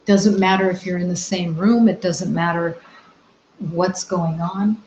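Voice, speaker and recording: Slow, gentle woman spiritual teacher. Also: on the low side, steady tone, a little hiss or hum. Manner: gentle, soft-spoken, with long reflective pauses. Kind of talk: slow meditative spiritual talk. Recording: roomy, slightly dull recording.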